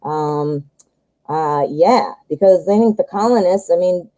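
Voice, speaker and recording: This woman from the United States talks her way through a live tarot reading in an easy, rambling manner. Her voice sits a little low and sounds warm and mellow. She keeps things casual and affectionate with viewers. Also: unhurried, poor audio. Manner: chatty, rambling, addresses viewers as hun and honey. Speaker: tarot reader.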